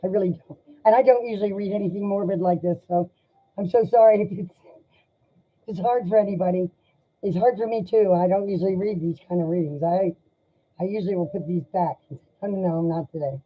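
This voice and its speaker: A woman doing a live tarot reading, speaking in an emotional, sympathetic and halting way. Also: medium pitch. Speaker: tarot reader. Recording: dull lo-fi sound.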